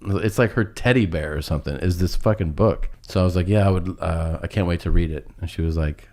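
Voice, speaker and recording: A middle-aged man telling a long, funny personal story on a podcast. He laughs through it and pauses often. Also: deep voice, darkish tone. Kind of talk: casual storytelling chat.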